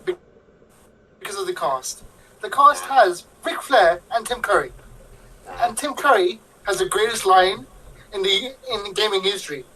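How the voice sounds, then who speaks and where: A woman's voice: mid-range voice, unhurried, long pauses, a bit bright, distant mic, slight background noise, poor audio. A woman on a casual panel chat, enthusiastic and emphatic.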